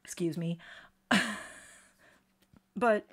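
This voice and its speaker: A middle-aged woman with a fairly low voice and a slight lisp on her S sounds talks casually to viewers on a live stream. She rambles, restarts her sentences and fills gaps with ums. Her tone stays chatty and self-deprecating. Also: drawn-out words. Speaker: beauty vlogger doing a live stream.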